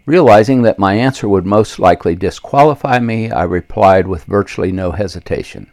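An older man reading his own memoir aloud in a measured, earnest way, with occasional slips. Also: fairly low pitch, darkish tone, no echo. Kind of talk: memoir narration.

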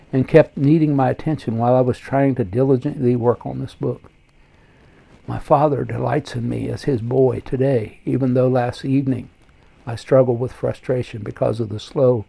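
A man's voice: medium pitch, gravelly, warm tone, breathy edge. An older man, a pastor, reading his own memoir aloud in an earnest, reflective way.

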